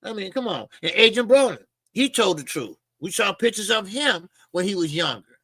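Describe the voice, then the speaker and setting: A man hosting a boxing talk show, ranting in loud, emphatic, mocking casual commentary with plenty of swearing. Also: high-pitched, animated, normal speed, breathy edge, no room sound.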